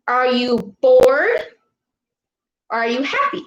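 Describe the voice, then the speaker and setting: Slow, high-voiced encouraging woman coach. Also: reverberant, highs cut off, slight background noise. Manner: patient, encouraging, repeats questions slowly. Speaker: youth sports coach. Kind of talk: live online lesson for girls.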